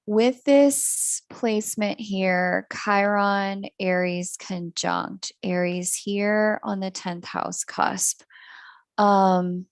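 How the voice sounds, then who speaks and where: A woman's voice: mid-range voice, very slow, dry recording, studio quality. A woman giving a live-streamed astrology reading, candid and self-mocking, who laughs often and swears casually. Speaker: astrology reader.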